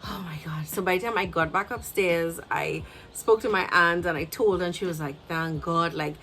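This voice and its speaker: A young Trinidadian woman vlogger telling a storytime, animated and emotional, acting out what people said to her. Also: fairly low pitch, moderate pace, a little hiss or hum, poor audio. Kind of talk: storytime vlog.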